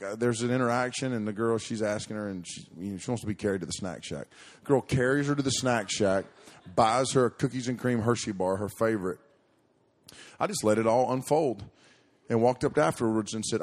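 A middle-aged man preaching to young people, telling a story in a folksy, rambling way with many restarts and fillers. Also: lowish voice.

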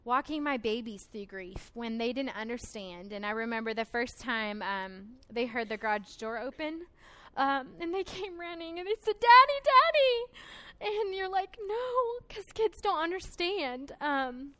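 High bright earnest woman giving testimony. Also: unhurried, smooth. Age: 20s. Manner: earnest, emotional, frequent "um" fillers. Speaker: conference speaker. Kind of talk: personal testimony talk.

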